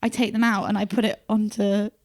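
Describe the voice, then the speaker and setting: A woman's voice: mid-range voice, little pitch movement, fairly quick, a little mellow. A woman hosting a casual comedy chat, telling stories in a giggly, self-deprecating way. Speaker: podcast host.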